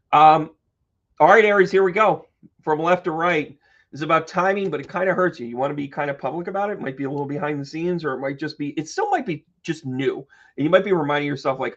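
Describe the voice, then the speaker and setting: A man hosting a live-stream tarot reading who chats with viewers, playful and joking with quick asides. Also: on the high side, highs cut off. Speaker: psychic medium and tarot reader.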